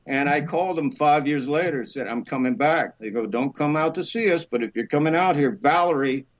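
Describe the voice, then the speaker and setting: Middle-aged male actor, podcast guest, slightly high pitch, lively storyteller, dull lo-fi mic. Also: brisk. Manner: animated, acts out the women he quotes in a raised voice. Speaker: actor telling a career story.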